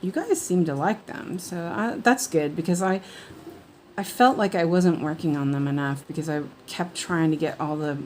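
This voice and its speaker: A woman's voice: low voice, normal speed, darkish tone, a little hiss or hum. A woman hosting a cross-stitch livestream, chatting casually and rambling with many fillers and restarts. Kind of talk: casual chat while stitching.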